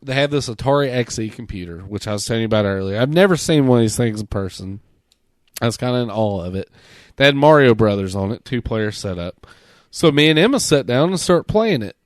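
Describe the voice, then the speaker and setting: A man hosting a podcast, telling a story in a casual, profane, animated way and mimicking the people he quotes. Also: mid-range voice, brisk, no echo, studio quality. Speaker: podcast host.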